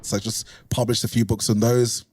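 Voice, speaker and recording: A man's voice: mid-range voice, little pitch movement, a little fast, background noise. A man chatting casually as a podcast guest, easygoing and laughing now and then. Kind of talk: casual chat.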